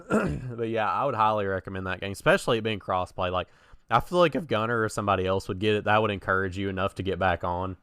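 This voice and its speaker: Chatty young man with a smooth voice. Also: on the low side, quick pace, fairly bright tone, no echo, studio quality. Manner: chatty storyteller, laughs at own stories. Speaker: podcast co-host. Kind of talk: casual podcast chat.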